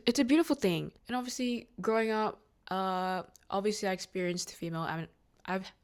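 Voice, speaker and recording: A nineteen-year-old woman hosting a solo podcast, talking in a rambling, heartfelt way with lots of fillers and restarts. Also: medium pitch. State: near tears at moments, emotional. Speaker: podcast host. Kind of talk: casual solo podcast monologue.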